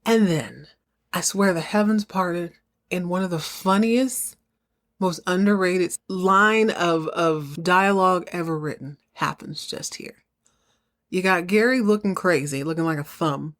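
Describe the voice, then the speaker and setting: A woman hosting a podcast, telling a comic episode recap in an animated, chatty way with laughter. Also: lowish voice, unhurried. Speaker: podcast host.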